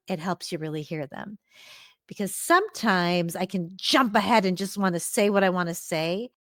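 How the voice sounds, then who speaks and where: A woman's voice: medium pitch, no room sound. A middle-aged woman hosting a solo podcast, talking earnestly and encouragingly to her listeners in a close, reflective way. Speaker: podcast host.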